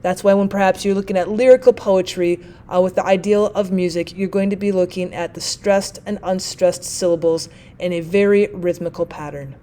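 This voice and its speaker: A woman's voice: on the low side, fairly even intonation, mellow. A woman teaching a lesson in a methodical, explanatory way. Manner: methodical, reads examples slowly. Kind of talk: explanatory lecture.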